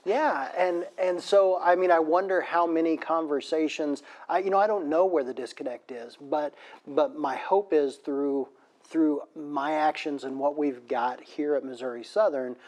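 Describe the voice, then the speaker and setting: A man's voice: a little high, steady tone, normal speed, a little mellow. A man who works in university disability services, answering interview questions with rambling anecdotal storytelling.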